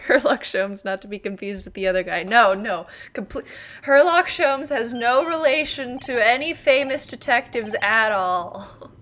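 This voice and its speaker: A woman's voice: a little high, lively intonation, measured pace, a bit bright. A woman streamer commentating a story game, laughing often and reading characters' lines aloud. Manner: giggly, reads game lines aloud in voices. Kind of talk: casual let's-play commentary.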